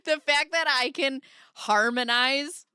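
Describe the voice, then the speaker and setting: A woman's voice: sits high, slow pace, bright, forceful tone, dry recording, clean studio sound. A woman chatting casually on a livestream, reading viewer comments and joking sarcastically, with frequent laughter.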